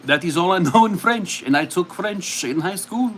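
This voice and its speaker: A man chatting casually on a live game stream, playful and quick to laugh at himself. His voice sits slightly high for a man. A faint hum hangs behind him. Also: animated, fairly bright tone. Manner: playful, laughs a lot, self-mocking. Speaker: streamer host.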